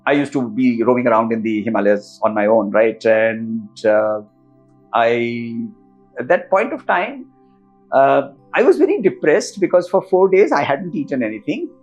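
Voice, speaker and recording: A man leads a teaching conversation, telling stories with rising and falling emphasis. Soft music runs faintly underneath his medium-pitched voice, and his pace changes freely. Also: very animated, normal speed, muffled recording. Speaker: co-host, spiritual teacher.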